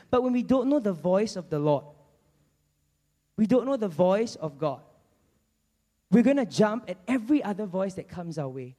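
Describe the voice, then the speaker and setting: A man preaching a sermon, telling a Bible story in an animated way and acting out its characters. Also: very high-pitched, normal speed. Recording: long church hall reverb.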